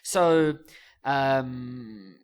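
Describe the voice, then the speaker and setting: A man's voice: medium pitch, very slow. A man teaching a science lesson in a casual, joking and self-mocking way, chatty and full of restarts.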